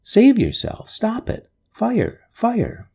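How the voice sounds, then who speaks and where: A man's voice: fairly high pitch, wildly swooping pitch, measured pace, mellow, slightly rough, voice pushed up, exaggerated voice. A man voicing a frightened grown man, a tobacco salesman who gasps and cries out in panic. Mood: panicked. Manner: gasping, panicky.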